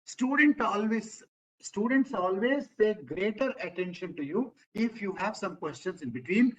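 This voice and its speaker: High-voiced man training teachers. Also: lo-fi sound. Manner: asks questions of remote centers, quotes classroom phrases. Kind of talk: online training lecture.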